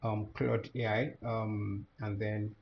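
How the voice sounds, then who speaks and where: Gravelly man walking through a tutorial. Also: lowish voice, level tone, slow pace, highs cut off, a little hiss or hum. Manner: thinking aloud with many fillers and restarts. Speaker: course instructor. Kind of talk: screen-share software tutorial.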